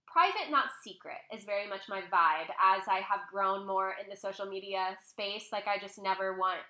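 A young woman vlogger telling a personal story in a casual, chatty way at home, full of fillers and animated quoting. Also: mid-range voice, moderate pace, echoey room. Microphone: laptop mic, close.

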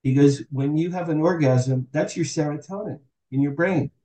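A man's voice: a little high, moderate pace, roomy sound, poor audio. A man in his sixties telling candid stories as a podcast guest, acting out the dialogue he quotes. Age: 60s. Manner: animated, acts out quoted dialogue. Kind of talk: candid storytelling interview.

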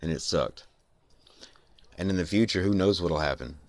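Male podcaster, sick and congested, rumbling low voice, dry close mic, rambling musings. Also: normal speed, no echo. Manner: rambling, reflective, many fillers. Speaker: podcast host. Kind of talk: late-night solo monologue.

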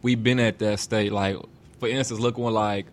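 A man with a somewhat low voice co-hosts a casual talk show. He speaks in a laid-back, slangy way and keeps checking in with "you feel me" as he makes his point. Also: steady tone, normal speed, slight background noise. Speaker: co-host.

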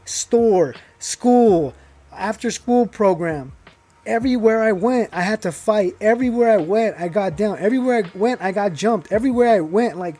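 A man's voice: high voice, lively intonation, moderate pace, mellow. A young man telling his own life story in casual, rambling talk, full of fillers and restarts, growing heated as he goes.

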